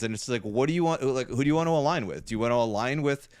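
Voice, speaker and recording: A man's voice: mid-range voice, racing, few pauses, darkish tone, clean tone, no room sound, studio quality. A man co-hosting a podcast, ranting in casual chat, swearing often and filling his talk with "like" and "right?". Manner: profane, ranting, lots of "like" and "right?". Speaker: podcast co-host.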